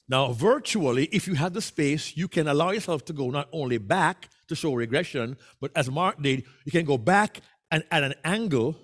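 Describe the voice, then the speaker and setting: A man's voice: fairly high pitch, animated, normal speed, few pauses. A man from Jamaica with a Jamaican accent, leading an interactive speaking workshop and coaxing answers from the audience. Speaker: workshop presenter. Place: meeting room with a hybrid online audience.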